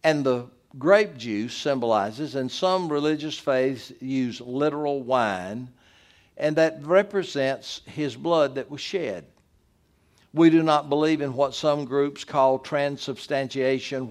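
Guy preaching from the pulpit, gets emphatic and forceful, medium pitch. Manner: emphatic, rising to forceful repeated declarations. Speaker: pastor. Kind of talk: communion sermon.

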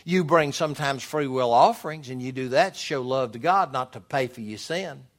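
A man preaching a sermon, reading scripture aloud with loud emphatic swells. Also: medium pitch, normal speed.

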